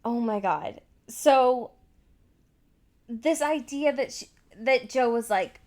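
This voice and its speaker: A podcast co-host with a fairly high, darkish voice takes her time recapping a TV episode. Her chat is loose and profane, packed with fillers and acted-out quotes.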